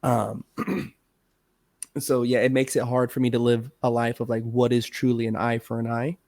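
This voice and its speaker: A man's voice: medium pitch, level tone, moderate pace, darkish tone, no room sound. Guy cohosting a podcast, rambly and casual, swears a lot, dry mic. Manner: rambling, heavy filler, swears. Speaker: podcast co-host.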